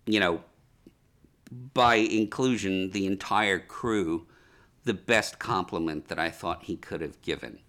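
Male guest, low-ish voice, bright forceful tone, animated storyteller who laughs a lot. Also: unhurried. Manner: lively anecdotes, laughs often, acts out quotes. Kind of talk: casual interview storytelling.

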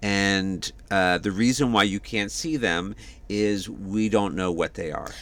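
A man's voice: on the low side, unhurried, fairly bright tone. A man co-hosting a casual podcast chat, talking with frequent fillers and restarts. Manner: chatty, hesitant with many fillers. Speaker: podcast co-host.

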